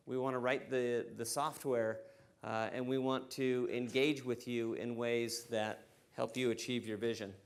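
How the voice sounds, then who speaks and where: An American man speaking at a conference, relaxed and joking, with frequent fillers. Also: medium pitch. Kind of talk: conference keynote talk. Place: conference stage before an audience.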